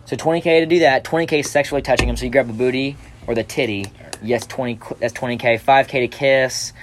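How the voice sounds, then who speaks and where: Young man, podcast host, rambling, casual chat, mid pitch, faint hiss. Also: steady tone, quick pace. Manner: rambling, many fillers and restarts.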